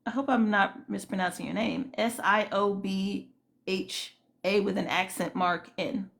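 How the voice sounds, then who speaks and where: A woman's voice: mid-range voice, fairly even intonation, a little slow, gravelly, fairly bright tone. A woman hosting a casual livestream, greeting viewers and giving indignant, rambling commentary full of fillers. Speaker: livestream host.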